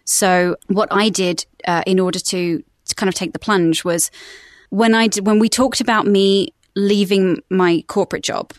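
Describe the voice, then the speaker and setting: A woman's voice: mid-range voice, steady tone, moderate pace, dry recording. Voiceover lady chatting on a podcast, upbeat and laughy, close dry mic. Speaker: voice-over artist and guest. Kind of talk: casual podcast interview. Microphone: studio microphone.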